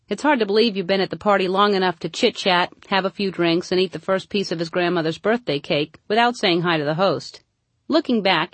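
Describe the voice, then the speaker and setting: A woman reads her humorous audiobook with a wry, dry comic touch. Her voice sits a little low and is recorded close, with no room echo at all. She keeps the delivery steady and knowing.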